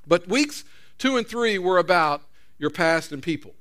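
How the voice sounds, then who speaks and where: A man's voice: high-pitched, lively intonation, moderate pace, fairly bright tone. A man preaching a sermon as pastor, in a conversational storytelling way with repeated restarts.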